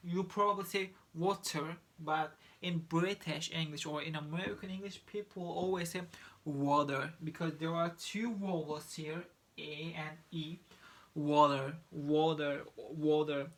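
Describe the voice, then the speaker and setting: A man from Turkey with a Turkish accent, a native Turkish speaker teaching English pronunciation in a halting way, with many restarts. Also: on the high side, fairly bright tone. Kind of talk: online lesson.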